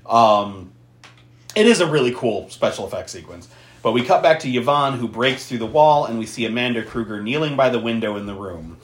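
Animated man recapping a film. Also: medium pitch, fairly quick. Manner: animated storyteller, swears, laughs often. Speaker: podcast host recapping a film. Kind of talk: casual movie recap chat. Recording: echoey room.

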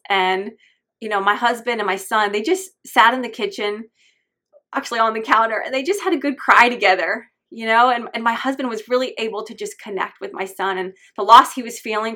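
A woman's voice: fairly high pitch, bright, forceful tone. A woman hosting a faith-based parenting podcast, speaking in a heartfelt, openly emotional and earnest way. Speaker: podcast host.

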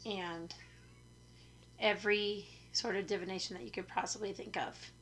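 This is a hoarse young woman chatting into a new microphone for her podcast. Her voice is rough from illness yet bright and forward at an everyday middle pitch. She rambles casually and keeps poking fun at herself. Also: steady tone, moderate pace, slight background noise. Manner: chatty, self-deprecating, rambling. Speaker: podcast host. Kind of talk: casual chat. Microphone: studio microphone.

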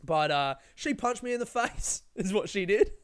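Young man, slightly high and smooth, rambling storyteller who swears a lot. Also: lively intonation, normal speed. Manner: rambling, lots of swearing and fillers. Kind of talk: casual storytelling.

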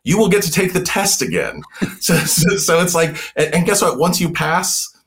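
A man who is a guest author in a casual podcast chat, talking in halting bursts with many repeated words and restarts. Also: a little high, animated, vocal fry, fairly bright tone.

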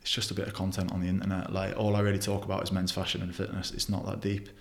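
A man's voice: sits low, monotone, very fast, creaky, echoey room. A young man talking bluntly in a casual interview, swearing often and restarting his sentences. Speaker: podcast guest.

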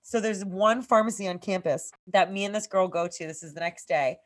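A woman's voice: medium pitch, a little fast. Profane woman telling a rambling story. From Massachusetts. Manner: profane, rambling, heavy use of "like". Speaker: podcast co-host. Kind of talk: casual storytelling chat.

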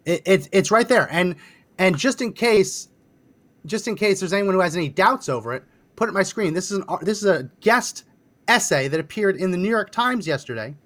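A man's voice: high voice, animated, fairly bright tone. Sardonic male political podcast host. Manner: brisk, sardonic, directing the producer.

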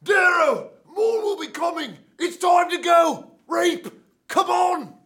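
A man shouting as a brash Cockney warrior. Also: very high-pitched, slow, creaky, pitched above the performer's own voice, heavily acted. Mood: urgent shouting. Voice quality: bellowing, urgent. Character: brash young male warrior yelling at a comrade.

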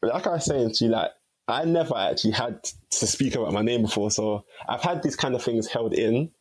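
A young man, a podcast guest telling stories in a relaxed, chatty way. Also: medium pitch, brisk, slightly rough, poor audio. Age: young adult. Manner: chatty and relaxed, heavy use of "like". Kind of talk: casual storytelling chat.

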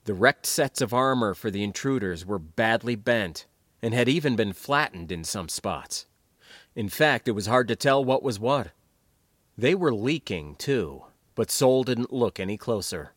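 A man's voice: fairly low pitch, lively intonation, unhurried, fairly bright tone, no echo, studio quality. A man narrating a science fiction audiobook expressively, giving characters their own voices. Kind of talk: scripted sci-fi narration.

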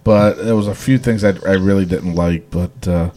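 A man's voice: low voice, steady tone, moderate pace, warm tone. A man hosting a casual wrestling recap chat, enthusiastic and rambling with fillers. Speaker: wrestling show host.

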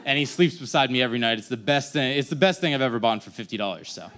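A man's voice: medium pitch, animated, quick pace, background noise. A young man telling a casual, rambling personal story on stage, acting out the people in it. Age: young adult. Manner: casual rambling, acts out quoted voices.

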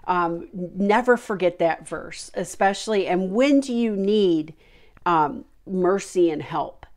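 A woman's voice: on the low side, expressive, slow pace, darkish tone. A middle-aged woman giving an informal, heartfelt Christian devotional talk, earnest and full of fillers.

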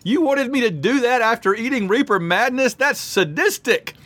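A man's voice: extremely high pitch, lively intonation, a bit bright, no echo. A man hosting a casual sports podcast, reading out supporter names while eating spicy food. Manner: chatty, reads patron names aloud quickly. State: mouth full, eating hot peppers. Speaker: podcast host.

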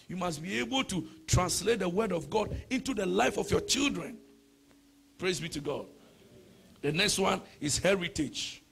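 A male pastor delivers a sermon in a husky, raspy voice that sits high. He swings from shouted, sing-song prayer to an easy teaching tone, tossing rhetorical questions at the room. The fry in his voice grinds through the quieter stretches.

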